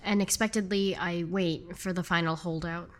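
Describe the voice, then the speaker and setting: A woman's voice: lowish voice, steady tone, moderate pace. A woman player casually describing her character's actions in a tabletop game.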